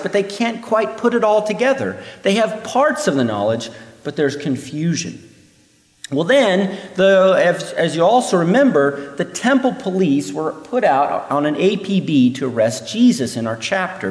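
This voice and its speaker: A man teaching through a Bible passage in an animated way, acting out the voices he quotes. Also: a little high. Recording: echoey hall reverb.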